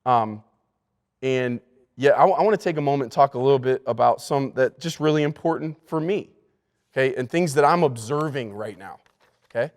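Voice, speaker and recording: Pastor teaching in an echoing hall. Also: male voice, medium pitch, normal speed. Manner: emphatic, repeats key words, frequent restarts. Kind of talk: leadership lesson to church staff. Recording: long hall reverb.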